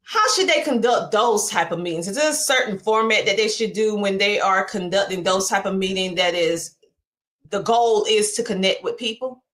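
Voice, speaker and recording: A woman's voice: medium pitch, normal speed, a bit bright. A woman podcast host asking long, rambling questions in a chatty, casual way. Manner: rambling, chatty, lots of fillers.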